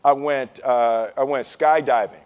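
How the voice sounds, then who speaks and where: A man as an interview guest, telling a personal story in an animated, joking way, acting out what people said and laughing often. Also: mid-range voice, measured pace, smooth. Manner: lively and joking, acts out quotes, laughs often.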